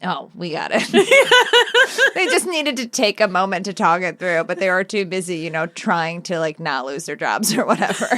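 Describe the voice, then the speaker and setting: A woman co-hosting a podcast in casual chat, animated, laughing often and acting out characters' lines. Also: lowish voice, moderate pace. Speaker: podcast co-host.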